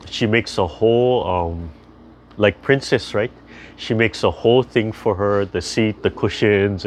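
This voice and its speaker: An older man leading a tai chi class over a video call, chatty and gentle as he rambles through stories and calm instructions. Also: on the low side, slight background noise.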